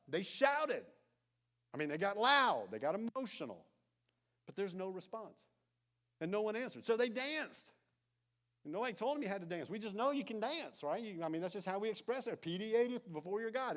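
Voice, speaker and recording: A man preaching a sermon as pastor, telling a story with animated emphasis and then dropping into soft, intense asides. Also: high-pitched, brisk. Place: church sanctuary.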